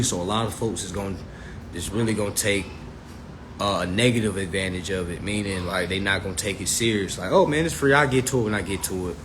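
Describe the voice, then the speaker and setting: A man's voice: on the low side, a little hiss or hum. A man hosting a casual livestream, talking straight to his viewers in a loose, swearing manner, recorded on a phone. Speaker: livestream host.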